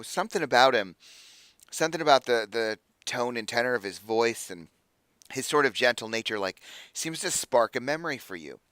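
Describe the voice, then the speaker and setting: A man's voice: mid-range voice, bright, forceful tone, clear, resonant tone, dry recording. A man narrating a tabletop game as game master, casual and full of filler words. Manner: casual, many fillers, hesitant.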